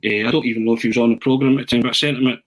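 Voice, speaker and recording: A man tells a long story in a casual podcast chat. His pitch sits in the middle for a man, and he talks with lively energy, stumbling and restarting as he goes. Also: rapid-fire, low-quality recording. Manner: animated storyteller, frequent restarts and "eh". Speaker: podcast pundit. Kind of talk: casual anecdote telling.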